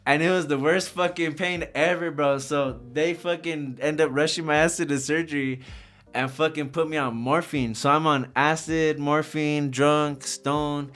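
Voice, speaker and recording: A young man, a rapper, telling a wild personal story in a casual, profane, animated way. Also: on the high side, moderate pace. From Socorro. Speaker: rapper guest.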